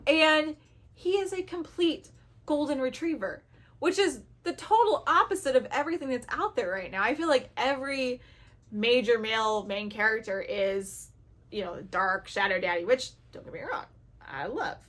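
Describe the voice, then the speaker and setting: A woman with a high, bright voice talks casually to her viewers about the books she loves. She gushes openly and acts out her own reactions as she goes. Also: moderate pace. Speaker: book reviewer. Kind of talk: casual chat to camera.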